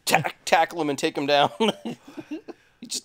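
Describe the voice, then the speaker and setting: A man's voice: a little high, measured pace. A man co-hosting a casual podcast chat in a studio, telling profane stories with lots of animation. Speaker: podcast co-host. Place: studio, sitting on couches.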